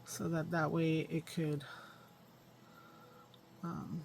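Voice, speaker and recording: Woman with a lower voice muttering thru her craft project at home, kinda rambly, faint background hum. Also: level tone, drawn-out words, creaky, darkish tone. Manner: rambling self-talk while working with her hands. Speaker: crafting channel host. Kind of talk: casual crafting vlog, thinking aloud.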